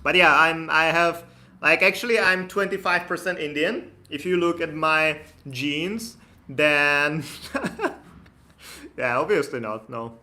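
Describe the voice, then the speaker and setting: Casting note: man, bright and slightly high voice, casual and chatty live-stream host. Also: slow. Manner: relaxed, chatty, laughs easily, reads viewer comments aloud. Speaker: immigration consultant hosting a live Q&A.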